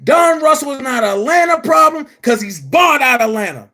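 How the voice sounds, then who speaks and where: A man delivering a heated, profane rant to his viewers, shouting at times. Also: very high voice, lively intonation, moderate pace. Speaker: commentary vlogger. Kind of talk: angry rant to camera.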